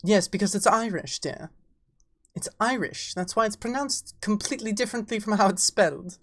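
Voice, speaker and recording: A woman's voice: medium pitch, normal speed. A woman with an English accent chatting casually on a livestream, playful, greeting viewers as darling. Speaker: streamer.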